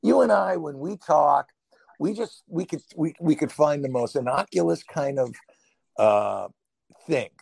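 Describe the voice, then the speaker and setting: A man with a Brooklyn accent chatting casually on a podcast, rambling and animated, laughing often and jumping up in pitch when excited. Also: unhurried, dry recording. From New York. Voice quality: gravelly, husky. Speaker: podcast co-host.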